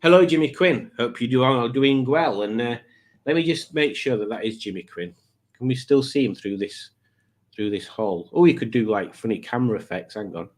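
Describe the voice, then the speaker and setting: A man's voice: mid-range voice, normal speed. A man hosting a casual live stream, rambling and joking as he reads out viewer comments, with plenty of restarts. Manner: rambling, jokey, waffling with many restarts.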